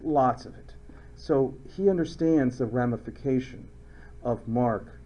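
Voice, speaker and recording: A man's voice: mid-range voice, lo-fi sound. A man teaching a chemistry lecture in a playful, joking way, acting out little skits to explain ideas. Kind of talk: recorded classroom lecture.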